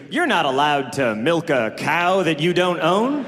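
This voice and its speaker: High-voiced man riffing incredulously on stage. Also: sing-song, measured pace, a bit bright. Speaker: stand-up comedian. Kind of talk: stand-up comedy routine. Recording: reverberant hall with crowd and noise.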